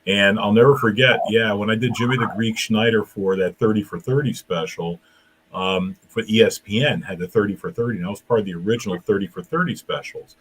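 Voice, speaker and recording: A man who hosts the show and works as a comedian, telling anecdotes in an animated, casual way. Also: on the low side, a little fast, breathy edge. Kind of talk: casual chat.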